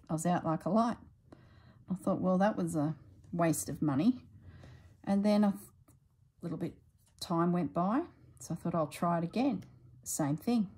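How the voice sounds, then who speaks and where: A middle-aged woman chatting casually while she stitches, thinking aloud and drifting into soft asides. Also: fairly low pitch, husky, poor audio. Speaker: slow-stitching vlogger.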